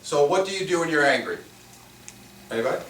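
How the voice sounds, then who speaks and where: A man, a spiritual teacher, giving a lively workshop talk and asking the audience questions. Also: fairly high pitch, fast. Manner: animated, playful, asks the audience questions. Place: room with a small audience. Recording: roomy, mic at a distance, faint noise.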